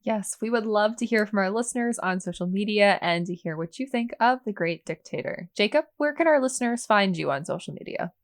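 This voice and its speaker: Woman co-host, even, scripted outro read. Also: mid-range voice, a little fast, hardly any pauses. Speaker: podcast co-host.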